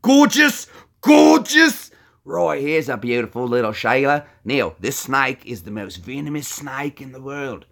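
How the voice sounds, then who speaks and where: A man in his thirties putting on a boisterous Australian wildlife showman with an excitable, shouty manner. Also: medium pitch, measured pace, creaky, heavily acted. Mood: excited. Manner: excitable, shouty, loud bursts.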